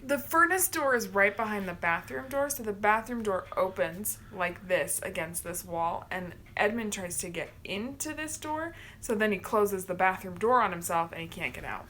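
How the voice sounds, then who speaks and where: A woman chatting casually on a home livestream, rambling and quick to laugh. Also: medium pitch, animated, a bit bright, a little hiss or hum. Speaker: livestream co-host. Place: home, indoors.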